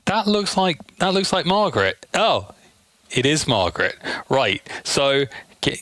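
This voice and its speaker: A man's voice: mid-range voice, lively intonation, normal speed, pushed and bright, dry recording. A young man streaming shoot-'em-ups, tired, rambling and swearing freely. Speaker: game streamer. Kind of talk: casual gameplay stream commentary.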